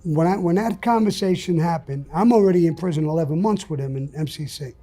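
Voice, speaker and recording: An older man, appearing as an interview guest, tells stories bluntly and profanely in a gravelly manner. His voice sits on the high side, with a brisk pace and a warm tone.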